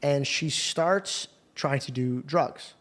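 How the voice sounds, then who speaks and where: A man's voice: mid-range voice, slow pace, fairly bright tone. A man hosting an interview, telling heartfelt stories in casual talk with frequent swearing. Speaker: podcast host.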